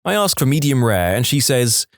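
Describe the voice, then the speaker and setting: A man reading confessional stories aloud in a scripted storytime style. His pitch swings widely as he reads, keeping the delivery animated. The recording is close and dry with no room sound. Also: normal speed, dry recording. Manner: lively, expressive reading. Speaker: storytime narrator.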